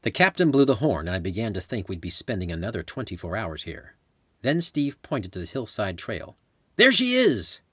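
A man's voice: fairly low pitch, expressive, fairly quick, slightly rough, no room sound. A man narrating his own travel memoir as an audiobook, in a conversational storytelling manner. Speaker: author and narrator.

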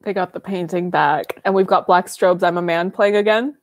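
A young woman giving casual watch-party commentary on a film, excitable and gushing, laughing often. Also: on the low side, moderate pace, dry recording, studio quality.

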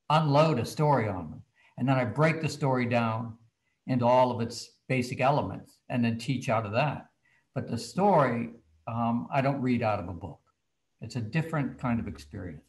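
A man, a children's book author, telling a story from his childhood in a casual, animated way. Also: mid-range voice, low-quality recording.

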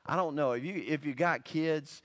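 Guy preaching a sermon, kinda high voice, animated and rambly, keeps saying man. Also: normal speed. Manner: conversational and animated, exclaims "man", rambles in asides. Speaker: pastor.

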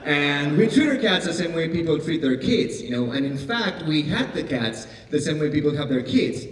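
Fast-talking Argentine-accented stand-up comic. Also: male voice, fairly high pitch. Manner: fast, deadpan. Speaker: stand-up comedian. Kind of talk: stand-up set. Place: theater stage. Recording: echoey theater hall from far off.

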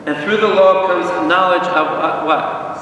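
A man teaching a Bible study as a priest, lively and questioning the audience, acting out little dialogues. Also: sits high, measured pace. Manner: animated, asks the audience questions and acts out dialogues. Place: large hall with an audience. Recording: echoey hall, far from the mic, faint room noise.

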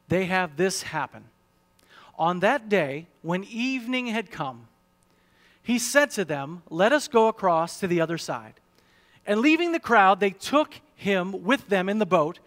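A man preaches from the pulpit in a high, ringing voice. He leans on rhetorical questions, pushing his emphasis up as a point builds and easing it back down again. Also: a bit bright. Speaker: pastor. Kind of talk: sermon.

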